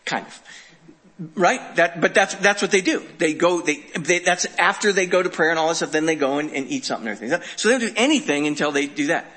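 Preacher guy teaching scripture, bright husky voice, chatty and animated. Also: on the high side, fast. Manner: conversational, animated, asks rhetorical questions. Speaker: pastor. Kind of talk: sermon, Bible teaching.

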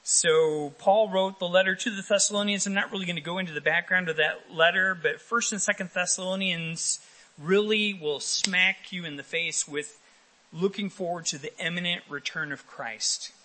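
A man with a fairly high, bright, forceful voice preaches a sermon to his congregation. He talks with them directly, asking questions and calling for raised hands. He is a pastor speaking in a church. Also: normal speed, low-quality recording.

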